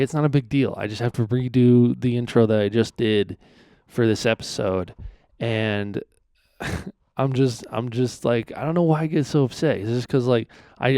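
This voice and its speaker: A man's voice: mid-range voice, warm tone, no echo, clean studio sound. A man hosting his own podcast, talking casually and rambling, often swearing as he vents. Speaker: podcast host.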